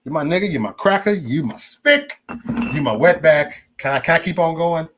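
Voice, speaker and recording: A man's voice: on the high side, sing-song, normal speed, a bit bright, a little hiss or hum. A man hosting a casual livestream, talking straight to his chat in a loose, rambling and profane way. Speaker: livestream host.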